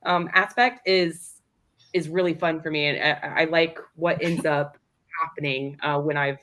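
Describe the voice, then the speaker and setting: A woman co-hosting a casual chat, blunt and quick to swear, then apologizing for interrupting. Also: deep voice, steady tone, fairly bright tone. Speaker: podcast co-host.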